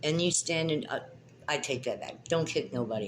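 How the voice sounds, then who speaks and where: A woman's voice: low voice, moderate pace, a little hiss or hum, low-quality recording. A woman giving a spiritual tarot reading in a vlog, talking in an emphatic, passionate way and often repeating her phrases. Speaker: tarot reader and spiritual teacher.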